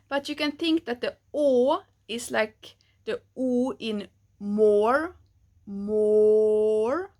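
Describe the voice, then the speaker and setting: A woman teaching pronunciation, taking it slowly and patiently and modelling each sound for the learner to repeat. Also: a little high, a bit bright. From Sweden. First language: Swedish. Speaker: language teacher. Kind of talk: pronunciation lesson.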